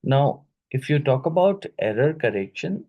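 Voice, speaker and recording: A man teaching an exam-prep lesson, reading each question twice and pausing with fillers and "right?" tag questions. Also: medium pitch, very animated, highs cut off. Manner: halting, with many fillers and "right?" tags; repeats each question aloud.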